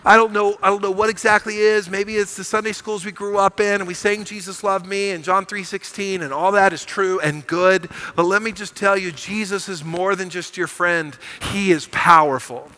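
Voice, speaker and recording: Man, sermon, high voice, bright tone, emphatic and animated. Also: moderate pace, few pauses, low-quality recording. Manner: animated storytelling, rising to emphatic proclamation. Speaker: pastor. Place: church sanctuary.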